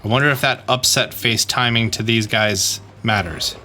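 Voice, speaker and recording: A man's voice: medium pitch, moderate pace, hardly any pauses, sharp tone, faint music behind. A man hosting a game guide, explaining steps and growing exasperated as he talks to the creature on screen. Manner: instructive, repeats "okay?". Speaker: gaming guide host. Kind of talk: game commentary walkthrough.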